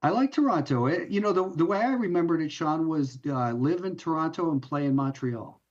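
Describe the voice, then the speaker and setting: A man's voice: on the high side, lively intonation, a little fast, highs cut off. A man appearing as a guest trader, speaking modestly and in a friendly way. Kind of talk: casual remote chat.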